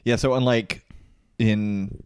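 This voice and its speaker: A man's voice: on the low side, fairly even intonation, takes it slowly, clean tone, no echo. A man in casual chat, explaining in a laid-back way with small hesitations.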